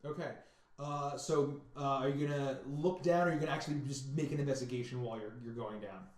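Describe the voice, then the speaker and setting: A man narrating as game master of a tabletop game, halting and thinking aloud with fillers. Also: mid-range voice. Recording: roomy echo.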